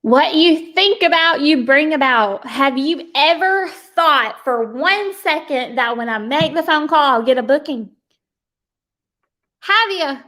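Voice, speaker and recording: A woman's voice: high-pitched, unhurried, hardly any pauses, pushed and bright. A woman leading a sales team, giving an emphatic, preachy motivational pep talk and speaking folksily and directly to her listeners. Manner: emphatic and preachy, with frequent laughs.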